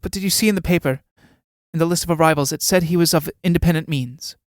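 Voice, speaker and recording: A sharp, scornful wife in a failing marriage, as a male reader puts her on, pitched a little up from his own voice. She needles and jabs, and the tone stays smooth and resonant. The recording is dry and close, with no room around it. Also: fast, no room sound, lightly acted. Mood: needling. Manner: pointed, needling. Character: embittered middle-aged wife, sharp and scornful.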